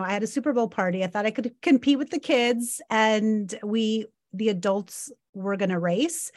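A woman podcast co-host in casual chat, telling a story in an animated way and laughing often. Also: mid-range voice, dry recording, clean studio sound. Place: Los Angeles area.

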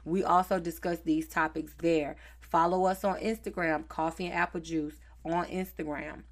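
A woman's voice: fairly low pitch, fairly even intonation, normal speed. A woman from North Carolina with a Southern accent, hosting a podcast in a chatty, easygoing, slangy way. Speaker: podcast host. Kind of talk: casual podcast chat.

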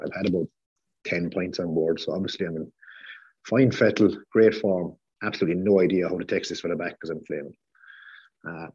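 A deep-voiced man rattles through a pub story at speed, his tone dark and a little husky. He swears freely and acts out the other people's lines. The audio is slightly muffled, like a home podcast recording. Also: no echo. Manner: lively, swearing storyteller acting out quotes. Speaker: podcast guest, football fan. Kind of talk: casual anecdote telling.

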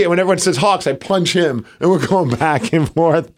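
A man co-hosting a podcast, telling a story in an excited, animated way and acting out the quotes. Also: a little high, fairly quick. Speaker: podcast co-host. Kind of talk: casual podcast chat.

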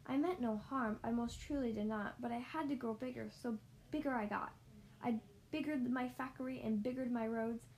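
A woman's voice: fairly high pitch, a little mellow, poor audio. Woman reading a rhyming storybook. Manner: rhythmic, sing-song rhymed reading, slowing for emphasis. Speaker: storybook reader. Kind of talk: rhyming storybook read-aloud.

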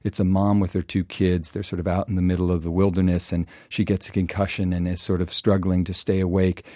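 A man's voice: low-pitched, level tone, brisk, mellow, no room sound, studio quality. A man guesting on a radio show, talking enthusiastically about books and reading passages of prose aloud. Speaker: guest book critic. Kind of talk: radio interview, book talk.

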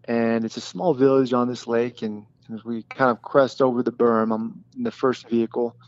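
Man, former commander, halting war story, fillers and restarts, muffled sound. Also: mid-range voice, flat delivery, darkish tone, dry recording. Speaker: former special forces detachment commander. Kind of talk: recounting a combat story in an interview.

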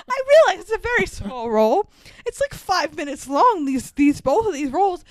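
A young woman co-hosting a casual movie recap podcast, animated and sarcastic, swearing freely and laughing often. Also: high-pitched, a little slow, no echo, clean studio sound. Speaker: podcast co-host.

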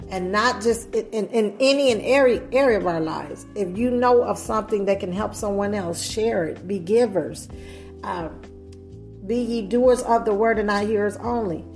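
Woman preaching, gravelly voice, asks the crowd lots of questions, soft music underneath. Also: mid-range voice, moderate pace. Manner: earnest preaching with rhetorical questions to listeners. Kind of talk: sermon.

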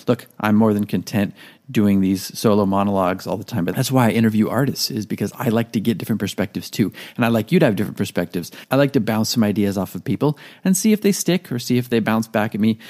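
A man hosts a solo podcast in a loose, conversational monologue. His voice sits a little low, and he now and then acts out his own inner voice and swears in passing. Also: lively intonation, quick pace, darkish tone. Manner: casual, conversational, drops into quoted self-talk; occasional swearing. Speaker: podcast host.

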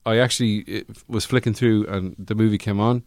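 A man's voice: fairly low pitch, fairly even intonation, a little fast, darkish tone, dry recording, clean studio sound. A man on a podcast panel chatting casually, rambling with jokey asides. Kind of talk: casual chat.

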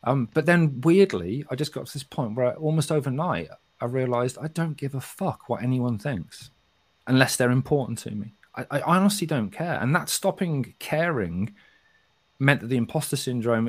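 A middle-aged man from England with a softened West Midlands accent, talking frankly and swearing often as a podcast co-host. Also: medium pitch, animated, brisk, no echo. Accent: softened West Midlands English. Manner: frank and sweary, with frequent restarts. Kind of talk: casual podcast chat.

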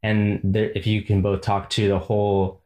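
Thoughtful man with a low voice. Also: monotone, moderate pace, warm tone. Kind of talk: casual podcast chat.

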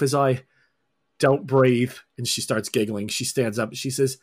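A man's voice: medium pitch, fairly even intonation, measured pace. A man narrating as game master, rambling and descriptive with many fillers.

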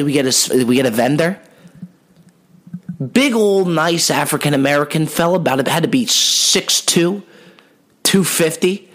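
A man hosting a podcast, telling a comic story with lots of energy and plenty of swearing. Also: on the high side. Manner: animated, profane storytelling. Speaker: podcast host. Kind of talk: comedic storytelling.

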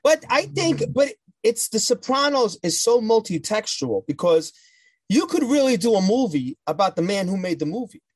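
Lively high-voiced New Jersey man. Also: moderate pace, husky, no echo. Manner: animated, joking, argumentative. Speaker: podcast co-host. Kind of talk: casual podcast chat.

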